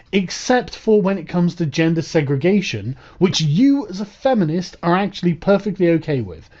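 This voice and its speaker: A man's voice: a little high, big pitch swings, normal speed, few pauses, darkish tone. A man giving profane, sarcastic reaction commentary on clips, mocking as he goes. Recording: dull lo-fi audio.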